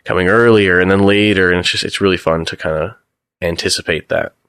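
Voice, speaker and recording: A man's voice: low voice, clear, resonant tone, dry recording, studio quality. A young American man, a photographer, telling stories in a casual interview and acting out the exchanges he quotes. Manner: fast, animated storytelling, acts out quoted exchanges.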